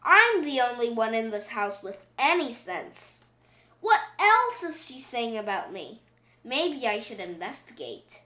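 A woman's voice: on the high side, sing-song, unhurried, pushed and bright, exaggerated voice. A woman voicing a spirited, cheeky little girl pig in a storybook reading, sly and self-assured. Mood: curious. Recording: roomy echo.

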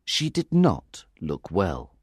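A man narrating a graded-reader storybook with clear, careful delivery. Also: deep voice, huge pitch swings, slow pace, no echo, clean studio sound. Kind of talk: audiobook reading of a graded reader.

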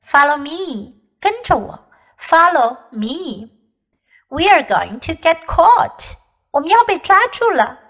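High-voiced woman teaching English to kids. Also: sing-song, takes it slowly, fairly bright tone, low-quality recording. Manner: clear, patient, repeats phrases for learners. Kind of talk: bilingual storybook reading and lesson.

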